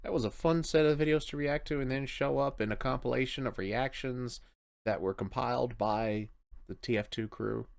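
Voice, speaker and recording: A man's voice: medium pitch, steady tone, normal speed, creaky. A man hosting a reaction video, rambling casually in late-night commentary. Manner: rambling, chuckling, tired late-night talk.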